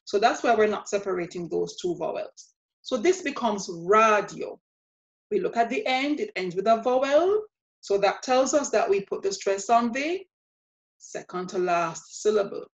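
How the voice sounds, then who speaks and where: A woman teaching a language lesson, explaining rules step by step in a patient, methodical way and repeating example words slowly. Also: mid-range voice. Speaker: Spanish teacher. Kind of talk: spoken grammar lesson. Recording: dull lo-fi sound.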